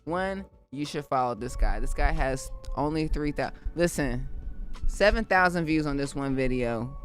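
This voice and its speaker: Speaking in a deep voice at a moderate pace, a woman runs a live beatmaking stream. She keeps up casual, animated chatter aimed directly at her viewers.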